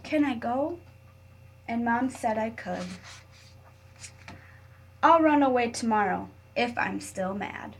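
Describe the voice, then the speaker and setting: A woman teacher reading a picture book aloud to her class, patient and clear, pausing to guide students. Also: fairly high pitch, expressive, a little hiss or hum.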